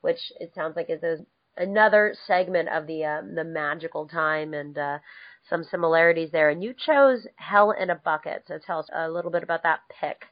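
Brief: woman podcast host, lively and casual, dead-dry lo-fi sound. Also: deep voice, normal speed, no room sound. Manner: breezy, animated, laughing easily. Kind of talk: casual chat.

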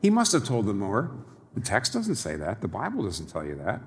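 Animated preacher in a reverberant hall. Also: male voice, lowish voice, fairly quick. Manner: animated, wry, laughing at his own irony. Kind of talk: sermon.

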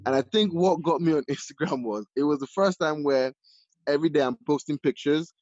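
Mellow-voiced chef telling his story. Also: fairly high pitch, brisk, no echo. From Nigeria. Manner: animated, many fillers like "like" and "you know". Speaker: chef, podcast guest. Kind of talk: casual storytelling in an interview. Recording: dull lo-fi audio.

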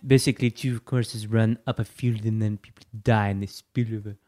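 A man's voice: lowish voice, steady tone, a little fast, dark tone. A man co-hosting a podcast in casual chat, cracking goofy jokes and mock outbursts. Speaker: podcast co-host.

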